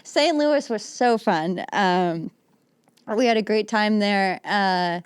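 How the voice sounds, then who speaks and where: A woman's voice: mid-range voice, slow, clear, resonant tone, dry recording. A woman in her late twenties, a comedian guest chatting casually on a podcast, self-deprecating and laughing often. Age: late 20s.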